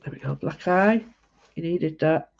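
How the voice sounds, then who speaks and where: Drawing live on a stream, a woman talks viewers through her work in a homely, rambling, chatty way. Her deep, gravelly voice is a little mellow, with lively intonation and an unhurried pace. The livestream audio is dull and lo-fi.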